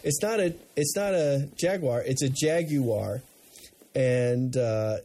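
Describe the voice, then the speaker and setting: A man's voice: medium pitch, expressive, measured pace, mellow. A man from the United States co-hosting a podcast, chatting casually and rambling with many restarts. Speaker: podcast co-host. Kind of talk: casual chat.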